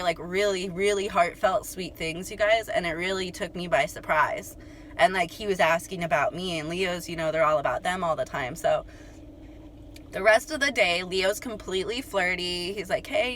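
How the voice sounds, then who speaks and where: A young woman telling a story to her viewers in a chatty, animated way, full of "like" and "you guys". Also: fairly low pitch, slight background noise. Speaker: astrology channel host.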